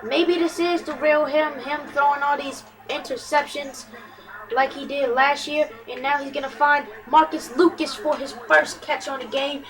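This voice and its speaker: Woman, very high voice, play-by-play video game commentary, excitable, shouts and stumbles. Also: normal speed, poor audio. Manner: excitable, erupts into shouts on big plays, stumbles over words. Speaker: gamer commentating own football video game. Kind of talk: play-by-play sports commentary over gameplay.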